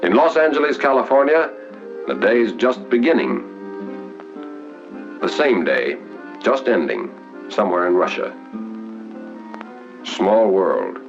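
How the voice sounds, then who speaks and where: A man's voice: lowish voice, very animated, gravelly. Formal 1940s newsreel narrator, man. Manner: measured, formal announcer delivery. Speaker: documentary narrator. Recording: dull 1940s film soundtrack with music.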